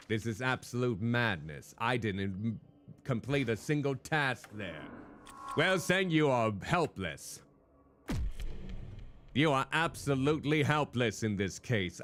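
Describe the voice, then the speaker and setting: Putting on a gritty noir detective voice, a man with a mid-range, fairly bright tone provides live commentary while streaming a game. He's chatty and greets viewers by name, with faint music in the background.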